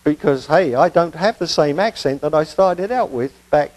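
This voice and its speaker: A man's voice: fairly high pitch, moderate pace, darkish tone, slight background noise, poor audio. A male preacher giving a conversational expository sermon, with casual asides and rhetorical questions.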